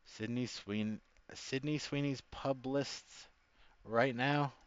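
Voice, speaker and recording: A man's voice: medium pitch, fairly even intonation, takes it slowly, smooth, no room sound, dull audio. A man ranting casually in a reaction video, rambling and slangy. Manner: rambling, slangy, keeps saying bro. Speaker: commentator.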